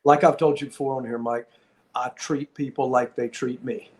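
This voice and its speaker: A middle-aged man hosting a podcast. He tells a story in a casual, animated way and acts out the lines of the people in it. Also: mid-range voice, moderate pace, a little hiss or hum. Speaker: podcast host and former wrestler.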